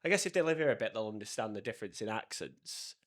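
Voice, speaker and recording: A man's voice: on the low side, fast talker. A young man from England with a British accent, co-hosting a podcast in casual, rambling chat. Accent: British English. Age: young adult. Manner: rambling, animated, slips into mimicking others. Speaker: podcast co-host.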